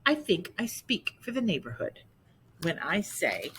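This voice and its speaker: A woman voicing a bold talking female dog who scolds loudly and emphatically. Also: fairly low pitch, sing-song, unhurried, slight background noise. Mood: scolding.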